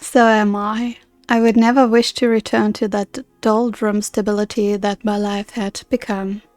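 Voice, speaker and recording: A woman reading aloud the lines of an earnest, formal woman guardian from a game, in a measured, soft-spoken way. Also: mid-range voice, level tone, dry recording, soft background music, natural voice.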